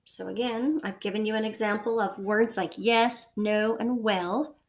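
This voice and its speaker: A woman's voice: on the high side, measured pace, few pauses. A woman teacher giving a recorded lesson to her class, patient and repetitive, checking in often with the listener. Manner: patient, repeats points, frequent okay and so.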